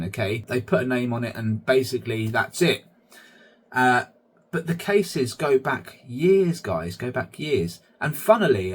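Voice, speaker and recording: A man's voice: mid-range voice, slightly rough. A man hosting his own vlog, chatty commentary that keeps addressing viewers as guys. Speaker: channel host.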